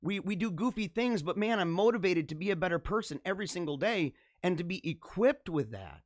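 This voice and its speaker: A man hosting a casual live stream, reading viewer comments, animated and jokey, laughing often. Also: high-pitched, a little fast, no echo, clean studio sound.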